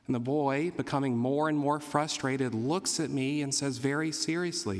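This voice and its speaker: A man, a Catholic priest, preaching a Sunday homily with a gently humorous storytelling manner. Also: mid-range voice, normal speed, hardly any pauses. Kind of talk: sermon. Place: church. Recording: reverberant church hall.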